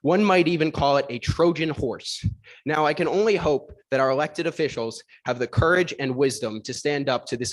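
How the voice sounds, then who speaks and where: Man at the podium, mid-range voice, reading a fiery prepared complaint. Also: medium pitch. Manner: indignant, rhetorical, reading a prepared statement. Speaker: public commenter. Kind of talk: prepared public comment at a school board meeting.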